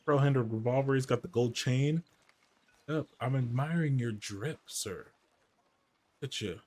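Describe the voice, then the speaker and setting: A man from the American Midwest chatting casually while he streams a game, answering his chat's questions out loud. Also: medium pitch, measured pace. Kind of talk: casual gameplay commentary.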